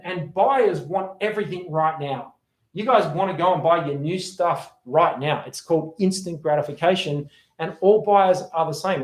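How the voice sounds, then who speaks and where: A man giving a sales training talk, energetic, acting out sample phone calls as he explains. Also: high-pitched. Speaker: sales coach. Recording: roomy echo.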